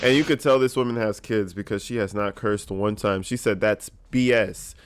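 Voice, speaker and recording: A man giving casual, joking reaction commentary, peppered with cursing and animated asides. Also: fairly low pitch, fairly quick, background noise.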